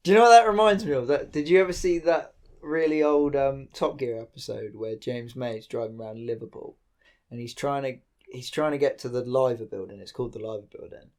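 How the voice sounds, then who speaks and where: A man co-hosting a casual podcast, swearing freely and spinning quick anecdotes. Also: mid-range voice, darkish tone. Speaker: podcast co-host. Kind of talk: casual chat.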